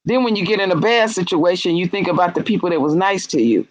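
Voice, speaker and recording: A woman's voice: fairly low pitch, fast, dry recording, rough recording. A woman in casual chat, telling stories bluntly and animatedly with frank, salty language.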